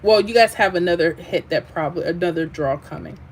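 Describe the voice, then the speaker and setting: A woman hosting a lottery livestream, chatting casually, reading viewer comments aloud and drifting into animated asides. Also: on the low side, fairly quick, vocal fry, slight background noise.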